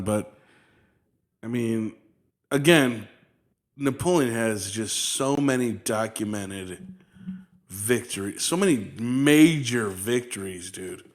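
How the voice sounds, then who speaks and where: A man's voice: medium pitch, a little mellow. A young man co-hosting a podcast in casual, profane banter, laid-back and peppered with "dude.". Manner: laid-back, swears a lot, says "dude". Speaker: podcast co-host. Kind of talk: casual chat.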